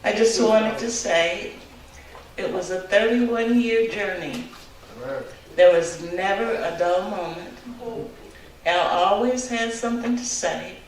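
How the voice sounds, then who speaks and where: Woman, widow, memorial tribute, very slow, quiet, distant, echoing hall. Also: medium pitch. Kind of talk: speaking at a memorial service. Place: funeral hall. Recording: distant, very echoey hall with faint noise.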